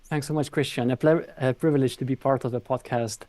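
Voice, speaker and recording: A man with a Lithuanian accent speaks as a podcast guest, explaining in a calm, considered way and sometimes circling back to rephrase. His voice is warm and mellow. The sound is close and dry, with no room around it. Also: medium pitch, a little fast, dry recording. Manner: thoughtful, explanatory, with frequent restarts. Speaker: podcast guest, company founder. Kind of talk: conversational interview explanation.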